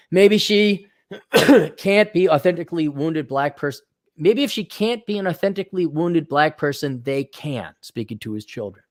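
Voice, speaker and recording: A middle-aged commentator reads and reacts in a blunt, sarcastic opinion monologue, mocking people in put-on voices. His voice is mid-range, and the recording is dry and studio-clean.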